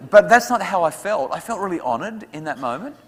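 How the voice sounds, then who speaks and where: A man speaking to parents at an evening talk, lively and acting out what his kids say. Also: sits high, brisk, breathy edge. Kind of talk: talk to an audience with questions. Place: school hall. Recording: hall reverb.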